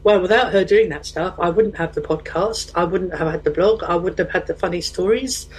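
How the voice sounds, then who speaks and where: A woman, a podcaster and guest, telling lively stories in a casual interview and laughing often. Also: lowish voice, brisk, slight background noise, poor audio.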